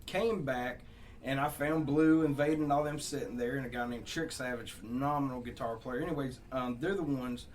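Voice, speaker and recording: A songwriter from Southeast Georgia with a Southern accent, telling rambling, laughing, profane stories in a casual chat. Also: male voice, mid-range voice, a little fast, a little hiss or hum. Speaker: songwriter guest.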